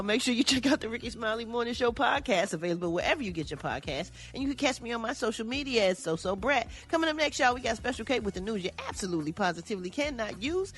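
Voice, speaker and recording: A middle-aged woman hosting a casual radio entertainment news segment, chatty and sassy, calling listeners y'all and honey. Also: fairly high pitch.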